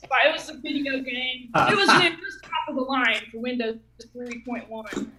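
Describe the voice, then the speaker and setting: A woman's voice: high-pitched, normal speed, echoey room, a loud crowd, low-quality recording. A woman in her thirties from Ohio doing a rambling, self-mocking open mic stand-up set, laughing at her own jokes. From Ohio, USA. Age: 30s. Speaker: stand-up comic.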